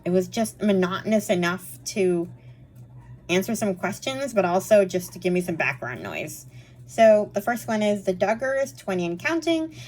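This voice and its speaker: A woman's voice: mid-range voice, lively intonation, a little mellow. A woman chatting casually through a monthly reading wrap-up, rambling with lots of fillers. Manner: chatty and rambling, frequent fillers and quick laughs. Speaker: book reviewer.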